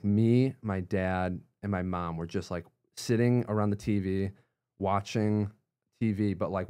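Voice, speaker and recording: A young man with a deep voice tells a story in a relaxed podcast chat. He talks animatedly, full of "like" and "um", and jumps up high when he acts out what people said. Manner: animated, acts out quotes with jumps in pitch, many fillers. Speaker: guest, YouTuber. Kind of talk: casual storytelling interview.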